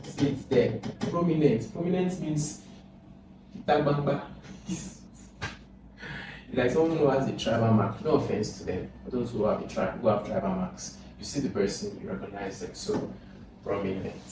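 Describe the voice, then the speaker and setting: A man's voice: medium pitch, normal speed. Tutor guy explaining exam english, voice far off the mic, lots of hiss. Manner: explains step by step, repeats words, asks questions aloud. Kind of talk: recorded lesson. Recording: very echoey room, distant mic, noisy.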